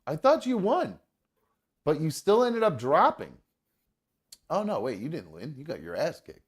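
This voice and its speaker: A man's voice: a little high, sing-song, moderate pace, slightly rough. A man hosting a live podcast, talking in a loose, joking, profane way with lots of fillers. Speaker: podcast host. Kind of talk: casual live show chat.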